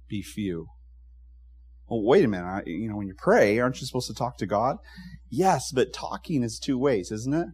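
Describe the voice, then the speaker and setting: Man preaching a conversational sermon. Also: mid-range voice. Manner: conversational, acts out quoted voices and asides. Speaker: pastor. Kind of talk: expository sermon.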